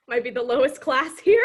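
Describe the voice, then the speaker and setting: A young woman chatting casually on a video call, telling stories in an animated, excitable way. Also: sits high. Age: young adult. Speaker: student club member.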